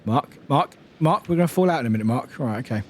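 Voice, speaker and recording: A young British man streaming a video game, chatting casually with lively outbursts, jokes and laughter. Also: mid-range voice, quick pace. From United Kingdom. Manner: animated, laughing, swearing, chatty. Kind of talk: casual gameplay commentary.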